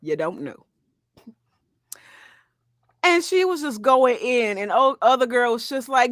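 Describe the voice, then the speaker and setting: A woman in her thirties telling a story in casual, slangy chat, animated, laughing and swearing as she goes. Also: on the high side, a little slow, pauses often, no room sound, clean studio sound. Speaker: podcast co-host.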